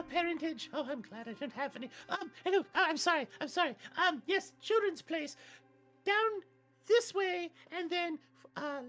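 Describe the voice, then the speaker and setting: A woman's voice: very high voice, a bit bright, voice pushed up. A woman voicing a rambling, apologetic townswoman at a festival in a tabletop game. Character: flustered chatty festival townswoman.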